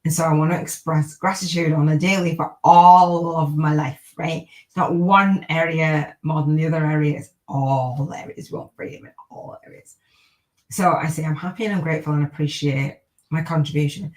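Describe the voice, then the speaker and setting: A woman's voice: deep voice, fairly even intonation, moderate pace, darkish tone, low-quality recording. A middle-aged woman hosting a live-streamed podcast, chatting in an upbeat, rambling way and repeating gratitude affirmations. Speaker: podcast host.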